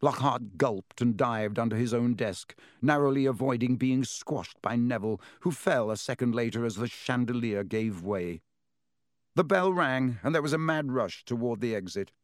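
An expressive male audiobook narrator reads scripted narration in a mid-range voice at normal speed. The recording is studio quality, with no room sound.

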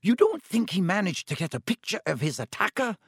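A man voicing a stern, older female professor in an audiobook, in a crisp, urgent, clipped way. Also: high-pitched, very animated, moderate pace, no echo, clean studio sound, pitched above the performer's own voice, exaggerated voice. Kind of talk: audiobook character voice.

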